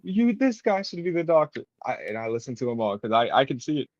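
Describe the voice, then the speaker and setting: A man co-hosting a casual fan podcast, enthusiastic and quick to laugh. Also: mid-range voice, sing-song, no echo. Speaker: podcast co-host. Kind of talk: casual chat. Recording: dull, lo-fi, dry mic.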